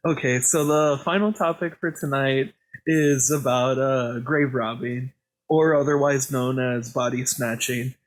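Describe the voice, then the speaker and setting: Dude reading notes on a podcast, lots of uhs, pretty average pitch. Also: male voice, steady tone. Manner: halting reading with many fillers. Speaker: podcast co-host.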